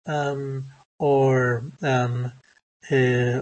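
A man giving a recorded lecture on English phonetics, halting often with fillers and restarts as he works through his slides. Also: on the high side, level tone, rough recording.

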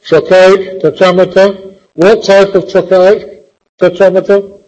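A man's voice: sits high, little pitch movement, takes it slowly, a little mellow, highs cut off. A man teaching a poetry class, quizzing the students with a teasing, theatrical, impatient manner.

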